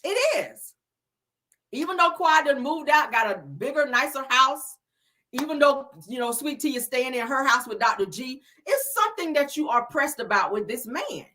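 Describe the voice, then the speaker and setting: A woman's voice: high-pitched, expressive, moderate pace, sharp tone. A woman hosting a casual celebrity gossip show, talking in a sassy, blunt and profane way and laughing at her own slips. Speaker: host.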